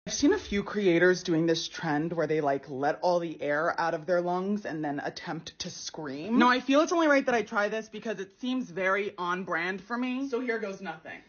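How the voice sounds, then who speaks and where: Husky, high-voiced campy young man. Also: moderate pace, hardly any pauses, highs cut off. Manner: animated, campy, swears freely, dramatic swings. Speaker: comedy video creator. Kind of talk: casual comedic vlog to camera.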